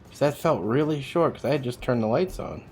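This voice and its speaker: A man's voice: mid-range voice, fairly quick, a little mellow. A man streaming a game, chatting casually with viewers while he plays, rambling and swearing freely. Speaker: livestreamer.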